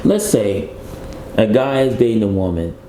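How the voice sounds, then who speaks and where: An actor and comedian appears as a guest in a casual interview, talking in a laid-back, rambling way and laughing at his own jokes. His voice is lowish, expressive, and at normal speed, recorded with roomy echo and faint background noise.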